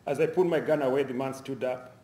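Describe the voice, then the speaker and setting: A man's voice: mid-range voice, steady tone, mellow. Man reading fiction in an echoey hall. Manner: measured, with small restarts. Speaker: author reading his fiction. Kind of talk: public reading of a novel. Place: university lecture hall. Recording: roomy lecture hall, faint ambience.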